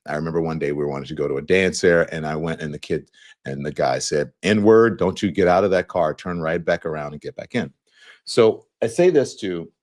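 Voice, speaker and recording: Deep-voiced man telling a story. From Louisiana, US. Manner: relaxed storytelling, conversational, many fillers. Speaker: show host. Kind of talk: casual monologue to viewers.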